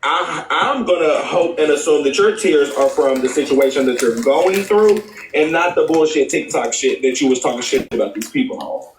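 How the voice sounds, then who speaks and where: A blunt man rambles through his opinion in casual live-stream talk, restarting his sentences as he goes. His voice sits a little high. He sounds off-mic in an echoey room. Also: lively intonation, moderate pace, distant mic, a little hiss or hum. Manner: blunt, rambling, restarts often, laughs between points.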